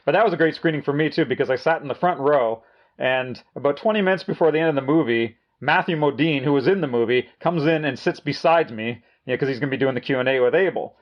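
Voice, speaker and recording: Fast-talking man telling store stories. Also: a little high. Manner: rambling anecdotes, frequent yeahs and laughs. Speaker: video store co-host. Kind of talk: casual chat. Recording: dull lo-fi audio.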